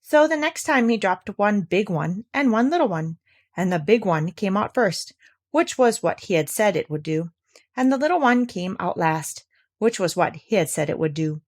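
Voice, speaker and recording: A woman reading a children's storybook aloud, gentle and expressive. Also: medium pitch, moderate pace.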